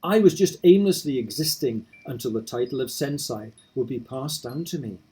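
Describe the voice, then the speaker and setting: A man reading aloud in his own voice as a determined young game hero, steady and earnest. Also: mid-range voice, moderate pace, husky, rough recording. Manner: steady, earnest narration of resolve.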